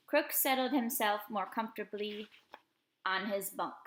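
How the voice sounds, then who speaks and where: An audiobook reader with a mid-range, slightly bright voice narrates a novel at a measured pace, giving its characters their own voices. Now and then she pauses to address her pets, recording in an echoey manor-house room.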